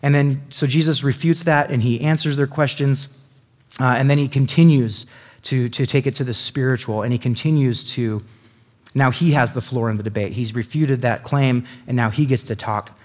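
A man's voice: mid-range voice, moderate pace, darkish tone. A man giving a casual Bible teaching, chatty and full of asides that check in with his listeners. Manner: chatty, lots of "like" and "right?" asides.

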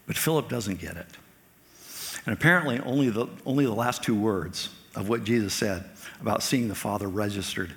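Preacher in a long-echoing hall. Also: male voice, lowish voice, fairly quick. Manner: animated, acts out quoted lines in a raised voice. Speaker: pastor. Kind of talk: sermon.

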